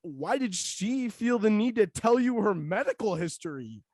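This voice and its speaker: A man's voice: high-pitched, sing-song, normal speed, a little mellow, no echo, clean studio sound. A young man co-hosting a podcast, reacting with disbelief and laughter. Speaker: podcast co-host. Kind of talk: casual chat, reacting.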